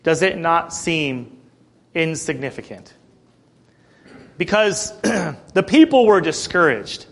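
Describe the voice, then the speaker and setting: A man preaching a sermon who reads scripture aloud, explains it in plain everyday words, often clears his throat and checks in with his listeners. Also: a little high, lively intonation, takes it slowly, long pauses, fairly bright tone. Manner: checks in with listeners, "Okay?" and "Amen?".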